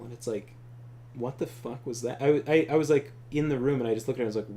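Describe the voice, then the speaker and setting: A man with a mid-range, slightly mellow voice hosts a co-op gameplay video, talking a little fast as he tells rambling, profane stories and laughs often.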